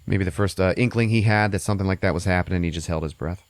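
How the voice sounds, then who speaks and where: A man hosting a podcast, recapping a movie in a profane, animated, laughing way. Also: sits low, fast, no echo. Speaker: podcast host.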